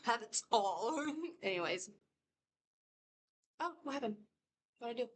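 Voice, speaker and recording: A woman's voice: a little high, expressive, slow pace. A woman rambling through a casual reaction video, laughing often and circling back on her points. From United States. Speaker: reaction vlogger.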